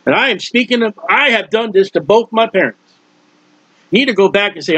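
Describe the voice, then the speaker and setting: A man's voice: high-pitched, lively intonation, fairly quick, a bit bright, slightly rough, no echo. An older man preaching a sermon, earnest and folksy, rambling and acting out prayers as he goes. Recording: dull, lo-fi recording.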